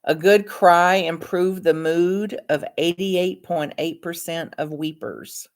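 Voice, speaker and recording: Slow, low-voiced woman reading calmly. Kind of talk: reading aloud from her own book.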